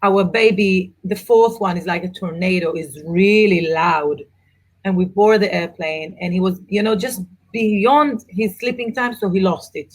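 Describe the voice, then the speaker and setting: Middle-aged mum of four chatting as a guest, animated storyteller, mid voice. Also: female voice, mid-range voice. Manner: animated storyteller, quick asides. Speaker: author and guest. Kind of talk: casual interview chat.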